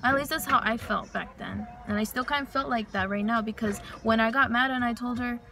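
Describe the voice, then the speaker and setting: A woman's voice: fairly high pitch, brisk, creaky. A young woman venting in a frank, rambling way with lots of swearing, recorded from inside a car. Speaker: vlogger. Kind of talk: casual venting monologue.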